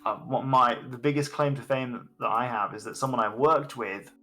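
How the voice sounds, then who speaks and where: A man's voice: medium pitch, fairly quick, sharp tone, soft background music. A man chatting casually on a live stream as game master, rambling and correcting himself as he goes. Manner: rambling, self-correcting, laughs often.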